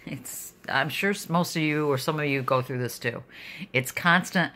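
Low-voiced woman venting in a vlog. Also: lively intonation, moderate pace, fairly bright tone. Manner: emotional, rambling, frustrated. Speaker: vlogger. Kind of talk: personal video diary.

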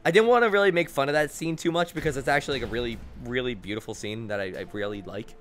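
A young man streaming a video game, commenting excitedly and rambling with frequent laughs. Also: medium pitch, fast talker, soft background music. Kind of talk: gaming commentary.

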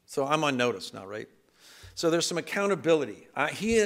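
Guy pastor giving a chatty sermon, bit of gravel in the voice, pokes fun at himself. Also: fairly high pitch, very animated, moderate pace, fairly bright tone. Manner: conversational and self-deprecating, with laughs and acted asides. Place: church sanctuary.

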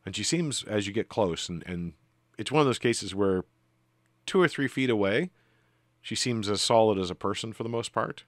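A man narrating as game master of a tabletop game, relaxed and full of fillers. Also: fairly low pitch, moderate pace, no echo.

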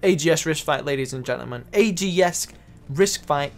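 Excitable gamer over faint music. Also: male voice, a little high, normal speed. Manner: excitable, swears freely, loud exclamations. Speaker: gaming YouTuber. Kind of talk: gameplay commentary. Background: faint background music.

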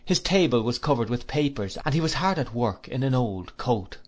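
A man narrates a classic novel for an audiobook. His voice sits at an ordinary pitch, and he reads in a measured, even way with a steady storytelling pace. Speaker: audiobook reader.

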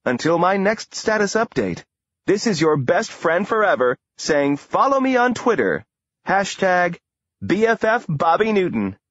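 A woman's voice: on the low side, sing-song, measured pace, no echo, highs cut off, voice pushed up. A man voicing a female celebrity gossip reporter with a breathless showbiz patter. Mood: gushing.

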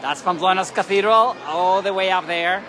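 Man, excitable live vlog talk, outdoor balcony, street noise behind. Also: high voice, moderate pace. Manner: gushing, excitable, chatty. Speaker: travel vlogger. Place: city balcony outdoors over a parade street. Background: crowd cheering, church bells.

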